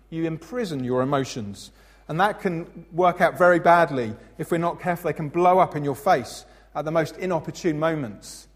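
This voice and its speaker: A man in his thirties preaching a sermon as pastor, expressive and playful, acting out voices in his stories. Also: a little high. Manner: expressive, acts out funny voices in anecdotes. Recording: long hall reverb.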